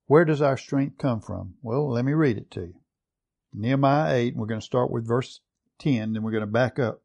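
A man preaching a sermon, reading scripture aloud and putting questions to his listeners, slowing down low for emphasis and then picking up speed. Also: vocal fry, darkish tone, slightly rough. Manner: asks the congregation questions and reads scripture aloud.

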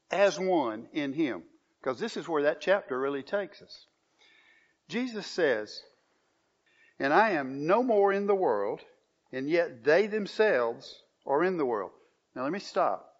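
A man preaching a sermon, reading scripture and pressing his points with emphatic rises in pitch. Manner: emphatic, rising on key phrases, reads scripture aloud. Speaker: pastor. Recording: dull lo-fi recording.

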